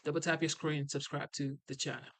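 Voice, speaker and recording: A man's voice: fairly high pitch, little pitch movement, fairly quick, fairly bright tone. A young man streaming a casual reaction, incredulous and putting questions to his chat.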